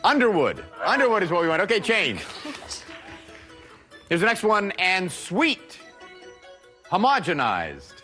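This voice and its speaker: A man's voice: sits high, big pitch swings, measured pace, long pauses, pushed and bright. A man hosting a game show, reading clues and scores in an upbeat, playful way. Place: television studio set. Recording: studio show with music and audience.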